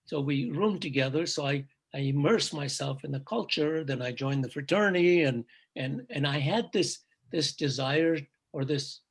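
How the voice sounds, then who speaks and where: An older man, a native Urdu speaker, telling stories from his past in a reflective, halting way during casual chat. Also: on the high side, creaky, breathy edge. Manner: reflective storytelling, halting restarts. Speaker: guest, father of the hosts.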